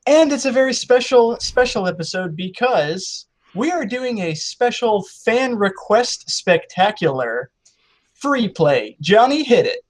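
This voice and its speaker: A man hosts a casual game show podcast with a high, husky voice that swings up and down as he talks. His playful, mock-grand showman delivery keeps the banter moving. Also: big pitch swings, a little slow.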